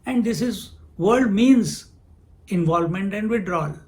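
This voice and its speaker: Higher-voiced man giving a spiritual discourse. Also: expressive, darkish tone. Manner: unhurried, asks questions and answers them himself. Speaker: spiritual teacher.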